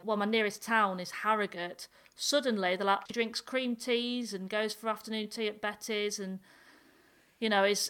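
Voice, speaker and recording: A woman from North Yorkshire with a Yorkshire accent, talking in a casual, animated discussion. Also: mid-range voice. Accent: Northern English, Yorkshire. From North Yorkshire, England.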